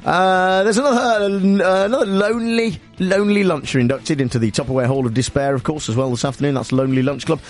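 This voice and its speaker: A man hosts a talk radio show in a sardonic, rambling way. His voice sits a little high for a man. A music bed plays faintly under him. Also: quick pace, hardly any pauses. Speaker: radio host. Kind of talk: comic radio show opening.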